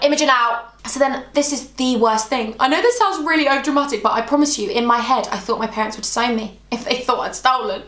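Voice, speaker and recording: A woman's voice: on the high side, fairly bright tone, reverberant. A young woman telling a dramatic storytime vlog, chatty and full of asides to her viewers. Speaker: beauty vlogger.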